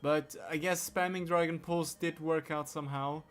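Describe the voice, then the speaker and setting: A man's voice: a little high, fairly even intonation, moderate pace, a bit bright, soft background music. A man live-streaming a game, teasing and swearing at his AI helper with exasperated laughs. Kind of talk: live-stream gaming chat.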